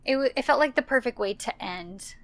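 A woman's voice: on the high side, lively intonation, brisk, gravelly, fairly bright tone, no echo. A woman co-hosting a podcast in casual chat, laid-back and mostly chiming in with short agreement. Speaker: podcast co-host.

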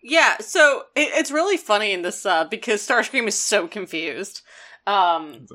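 A woman's voice: mid-range voice, a little slow. A woman co-hosting a casual talk show, retelling a cartoon episode and acting out lines. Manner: animated storytelling, acting out quotes. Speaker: podcast co-host. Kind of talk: casual chat recapping a cartoon.

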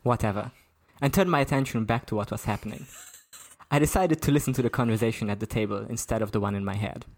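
A man's voice: mid-range voice, quick pace. A man narrating a shared first-person story aloud in a plain way, sometimes laughing at his own lines.

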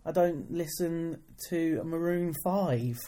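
Slow and deep, with a dark tone, this woman is a wrestling promoter co-hosting a podcast from a hotel room. Her casual talk wanders along in a dry, self-deprecating way.

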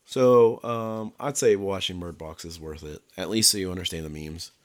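A man's voice: deep voice, normal speed. A man co-hosting a podcast, rambling casually about games and laughing often. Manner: rambling, laughs often, reads labels aloud loudly. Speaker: podcast co-host. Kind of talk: casual chat.

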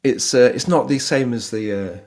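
A guest from Yorkshire, England, explains food history casually in his Yorkshire accent, laughing a lot and often beginning sentences again. His mid-range voice is a little mellow and moves at normal speed.

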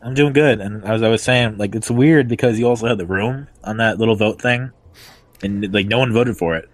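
A man guests on a casual movie podcast with a somewhat low voice. He gives his opinions in a dry, matter-of-fact way. The recording is close with no room sound. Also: a little fast, dry recording. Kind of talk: casual film podcast chat.

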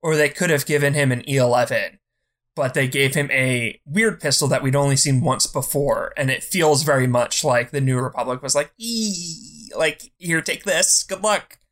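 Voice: mid-range voice, steady tone, normal speed, fairly bright tone. A podcast co-host in casual chat, ranting bluntly with lots of swearing and repeated false starts. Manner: blunt, profane, heated ranting; repeats words when starting.

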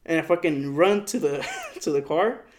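A young man with a slightly high voice tells a story in a loose, rambling way. He swears often and fills his talk with "like". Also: moderate pace. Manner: rambling, swears a lot, lots of "like". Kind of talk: casual chat.

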